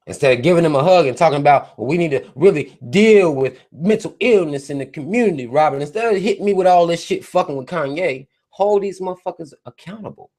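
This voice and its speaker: A man's voice: a little high, a little mellow. A man hosting a live stream, delivering a mocking, profane rant with heavy emphasis. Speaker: livestream host.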